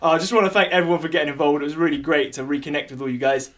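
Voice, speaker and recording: A man's voice: fairly high pitch, fairly even intonation, rapid-fire, a bit bright. A man talking casually to his mother, thanking people who helped with a birthday video, in a light joking way. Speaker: video maker thanking contributors. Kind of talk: casual spoken message.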